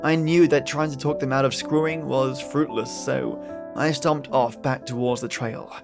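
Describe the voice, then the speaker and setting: A man's voice: medium pitch, fairly even intonation, normal speed, vocal fry. Male horror narrator, faint music. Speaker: storyteller. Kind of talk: scripted first-person horror narration.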